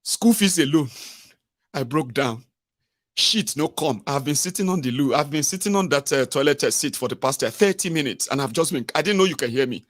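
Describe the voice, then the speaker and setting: A man with a Nigerian accent playing a distraught middle-aged husband, confessing in halting, self-pitying phrases. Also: on the high side, animated, no room sound, clean studio sound.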